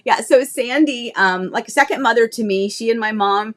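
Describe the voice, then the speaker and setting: Speaking at a normal speed with a fairly high, slightly bright voice, a woman in her thirties from Florida hosts a casual livestream; she works as a realtor. Her talk is chatty and rambling, full of fillers and restarts. Now and then she grows nostalgic and emotional, laughing through tears.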